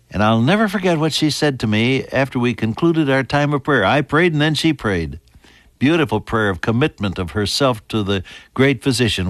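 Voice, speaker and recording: An older man preaching a sermon in an earnest storytelling manner, climbing high for emphasis and sinking to soft whispers. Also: dry recording, studio quality. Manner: earnest storytelling, pitch rising sharply on emphasis and dropping to near whispers.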